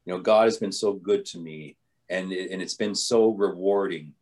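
An older man, a bishop, tells stories from his life in an interview. His voice is fairly low, and he meanders with restarts and fillers. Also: moderate pace, darkish tone. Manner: rambling, with frequent restarts and fillers. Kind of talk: storytelling in an interview.

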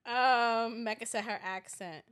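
Woman, New York accent, podcast co-host; playful, slangy, high and bright. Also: steady tone, a little slow, smooth. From Brooklyn and Staten Island, New York. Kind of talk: casual chat.

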